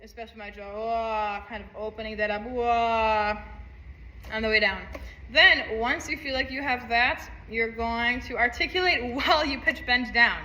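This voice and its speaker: A woman's voice: fairly high pitch, normal speed, sharp tone, roomy sound, slight background noise, poor audio. A woman teaching a saxophone part, upbeat, counting aloud and singing rhythms. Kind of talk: music lesson walkthrough.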